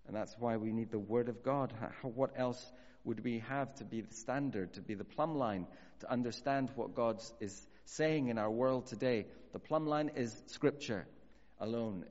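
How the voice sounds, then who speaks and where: A man's voice: mid-range voice, darkish tone. Earnest male preacher in a reverberant hall. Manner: earnest, emphatic, slows down on key phrases. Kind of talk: sermon. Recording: dull audio with long hall reverb.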